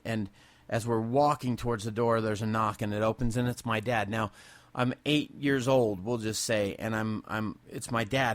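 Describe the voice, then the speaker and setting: A man's voice: on the low side, a bit bright, no room sound. A man in his forties from Southern California, hosting a podcast and telling personal stories off the cuff in a candid, emotional way, often restarting his sentences. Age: 40s. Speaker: podcast host. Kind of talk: unscripted personal storytelling.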